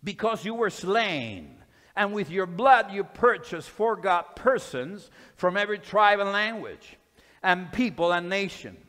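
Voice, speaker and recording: A man's voice: high voice, lively intonation, a little slow, fairly bright tone. A man preaching a fervent sermon and reading scripture aloud in a church hall. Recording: long hall reverb.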